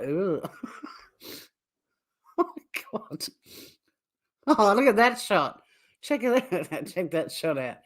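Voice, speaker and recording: A woman hosting a casual true crime livestream, blunt and swearing freely, repeatedly breaking into helpless laughter. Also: mid-range voice. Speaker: true crime YouTube host.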